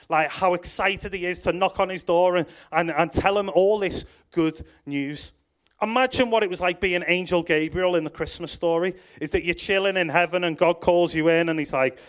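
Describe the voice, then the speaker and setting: A young man with a high voice preaches a sermon at a moderate pace, reading scripture and telling the story in a lively way, tossing in jokey asides and acting out the voices he quotes.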